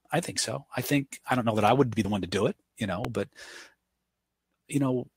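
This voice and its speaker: A man with a husky voice leads a live online class, answering questions as they come in. He drifts easily into anecdotes to make his points. His voice sounds dry and close, with no room around it. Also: mid-range voice, no room sound. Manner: answers viewer questions off the cuff. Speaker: webinar instructor. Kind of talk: live webinar teaching and Q&A.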